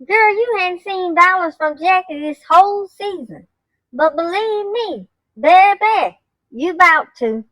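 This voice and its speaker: A woman's voice: extremely high pitch, lively intonation, takes it slowly, a bit bright, no room sound, low-quality recording. A woman chiming into a reality TV recap with sassy, teasing remarks. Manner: teasing, calls people "girl" and "child". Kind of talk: sassy commentary.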